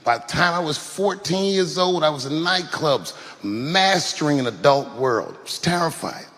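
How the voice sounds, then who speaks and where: A man's voice: a little high, animated, normal speed, a bit bright. A man giving a heartfelt tribute speech, speaking earnestly and directly to his mother. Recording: reverberant hall.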